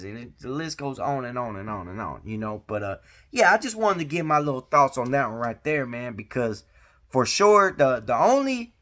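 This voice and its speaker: A man's voice: fairly high pitch, fairly bright tone. A man hosting a casual commentary vlog, talking in laid-back street slang with many fillers. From Georgia. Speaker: vlog host giving commentary.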